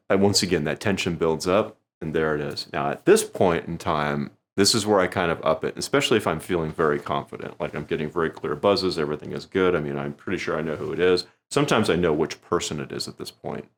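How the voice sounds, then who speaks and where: Deep-voiced man explaining a stage routine. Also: a little fast. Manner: conversational, acts out his stage lines with lively pitch jumps. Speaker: magician teaching a routine. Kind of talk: instructional talk.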